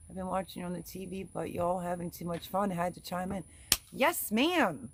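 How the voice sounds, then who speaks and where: A middle-aged woman hosts a casual livestream, chatty and giggly, reading viewer names from the chat aloud. Her voice is lowish and a bit breathy, at a moderate pace.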